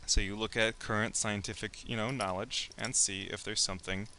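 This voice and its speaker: Bright-voiced man giving a playful lecture. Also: fairly low pitch, steady tone, moderate pace, slight background noise. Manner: playful, joking asides, acts out imagined speakers. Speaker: teacher. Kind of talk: casual classroom lecture.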